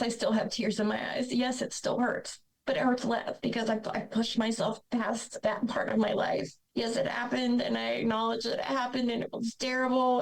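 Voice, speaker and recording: A woman's voice: a little high, rough recording. A young adult woman from Ohio, a podcast guest earnestly telling her personal story and acting out the dialogue she quotes. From Ohio, USA.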